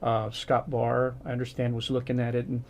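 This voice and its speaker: A man's voice: mid-range voice, completely flat delivery, moderate pace, gravelly, a little hiss or hum. A man in his fifties, a guest on a radio talk show, telling a rambling story with many restarts. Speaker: guest business owner.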